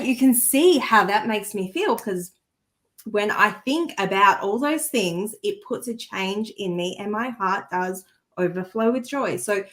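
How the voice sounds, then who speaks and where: A woman in casual podcast conversation, speaking in an earnest, heartfelt coaching tone. Her voice sits in an ordinary middle register, and she often breaks off and restarts a sentence while reaching for the right words. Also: mid-range voice. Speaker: co-host and energy healer.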